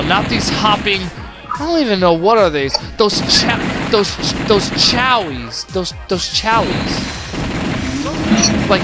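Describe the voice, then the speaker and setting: Excitable male gamer over loud game music. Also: high voice. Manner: excitable, groans and shouts at the game. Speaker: game streamer. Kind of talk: live gameplay commentary.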